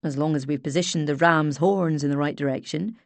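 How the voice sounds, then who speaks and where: A woman's voice: low voice, brisk, vocal fry, dry recording, voice pushed down. A woman voicing a shy, easygoing young Scottish man, hesitant and mild. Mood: awkward.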